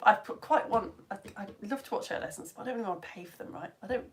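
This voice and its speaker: A woman presenting a live-streamed science lesson for home educators, chatty and excitable as she greets viewers by name. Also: medium pitch, fast. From United Kingdom.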